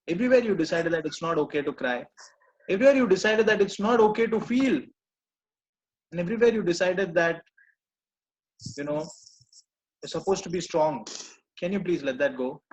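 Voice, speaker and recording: High-voiced gentle male coach. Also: animated, moderate pace, pauses often, rough recording. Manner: gentle, repeats reassuring phrases. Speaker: personal growth coach. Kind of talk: coaching talk to a live group.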